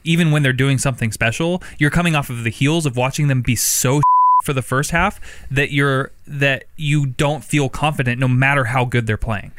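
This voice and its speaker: A man co-hosting a casual sports podcast, easygoing and quick to laugh. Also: medium pitch, fairly bright tone. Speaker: podcast co-host.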